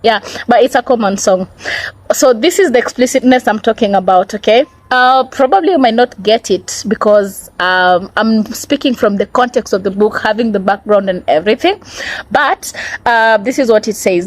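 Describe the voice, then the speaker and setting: A woman with a somewhat high voice chatting through a book review vlog. She explains what she reads in a loose, conversational way, often checking in with her viewers. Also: normal speed, low-quality recording.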